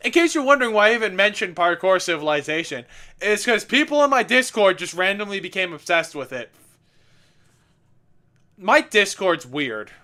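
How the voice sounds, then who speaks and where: Lively high-voiced young man, laughing. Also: normal speed. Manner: animated, laughing, swearing, self-mocking. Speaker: commentary host. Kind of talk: director's commentary on own gameplay video.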